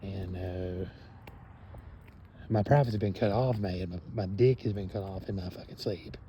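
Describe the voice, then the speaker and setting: Man, rambling monologue, lowish mellow voice, loose and profane, lots of fillers. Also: dull audio, slight background noise. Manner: meandering, profane, many fillers and trailing pauses.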